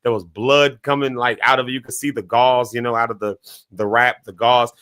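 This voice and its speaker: A man hosting a morning show, telling a story in a casual, animated way, restarting his sentences often. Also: a little fast, smooth, no room sound, clean studio sound. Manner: animated storyteller, many restarts, sudden jumps in pitch. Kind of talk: casual spoken reflection.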